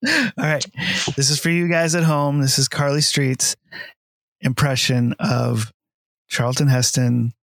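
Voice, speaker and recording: A man's voice: mid-range voice, a little slow, long pauses, fairly bright tone, dry recording. A man hosting a casual film podcast, easygoing and jokey, laughing often. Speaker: podcast host.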